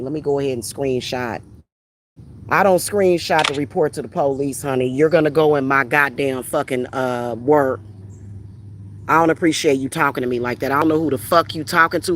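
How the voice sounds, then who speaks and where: A woman's voice: sits low, a little hiss or hum. A heated, profane woman ranting on a livestream. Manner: reads out viewer comments and retorts. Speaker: spiritual reader hosting a livestream. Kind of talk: livestream rant answering chat.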